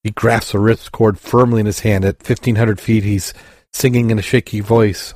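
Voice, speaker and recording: Low-voiced man hosting a casual podcast. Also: flat delivery, moderate pace, darkish tone, no room sound, studio quality. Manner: rambling, stumbles over words, tells jokes. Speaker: podcast host.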